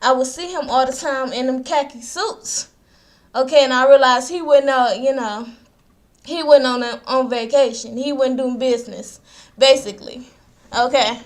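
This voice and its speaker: A woman's voice: high voice, normal speed. A woman vlogger giving a casual, gossipy recap, chatting straight to her viewers with asides. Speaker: vlogger recapping a reality show.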